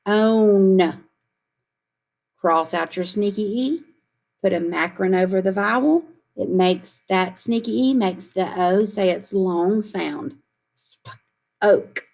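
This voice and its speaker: A woman teacher with a medium-pitched, darkish voice leads young children through a phonics lesson. She speaks slowly and clearly, repeating questions for the kids to echo.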